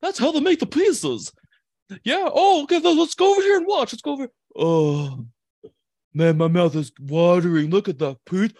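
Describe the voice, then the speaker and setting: A shrill, gushing woman drooling over pizza, her voice jumping high and loud as she calls to her partner, as a man puts her on. The voice stays dry and close, with no room behind it. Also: moderate pace, no echo, lightly acted. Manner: gushing, breathless excitement.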